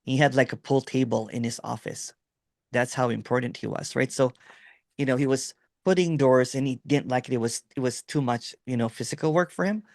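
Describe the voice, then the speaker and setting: A man's voice: medium pitch, brisk, vocal fry, dry recording, clean studio sound. A middle-aged man from the Philippines with a Filipino accent, rambling through a story in casual video-call chat with lots of fillers and "right?". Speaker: host.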